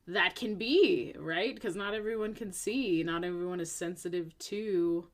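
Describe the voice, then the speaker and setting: A woman co-hosting a podcast in a relaxed, chatty way. Her voice sits a bit low, and she explains things at length, leaning on fillers and asking "right?" as she goes. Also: a little slow. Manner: chatty, explains with many fillers and tag questions. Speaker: podcast co-host. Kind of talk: casual chat. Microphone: earphones in.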